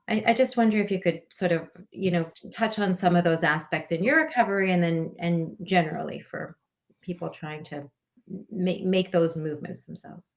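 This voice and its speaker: A woman moderating a webinar over a video call, asking follow-up questions with hesitant fillers. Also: fairly low pitch.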